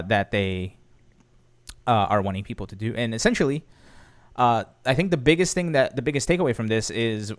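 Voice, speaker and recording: A man hosting a casual gaming news podcast, talking loosely with many fillers. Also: on the low side. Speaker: podcast host.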